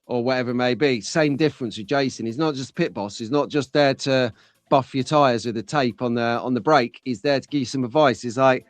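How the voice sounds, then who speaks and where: A man's voice: medium pitch, fairly quick, no echo. Chatty man hosting a live show. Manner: chatty and jokey, addresses chat viewers by name. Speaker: live stream host. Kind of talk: casual live stream chat.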